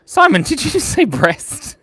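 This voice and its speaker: A man putting on a squeaky, giggly falsetto voice to tease himself. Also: huge pitch swings, measured pace, fairly bright tone, no echo, heavily acted. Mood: teasing.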